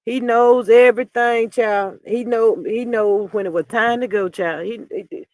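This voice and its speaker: Very high-voiced sassy male streamer. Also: normal speed, few pauses, no echo. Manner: sassy and animated, often calling listeners "child". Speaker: channel host reading live chat. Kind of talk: casual gossip commentary on a reality show.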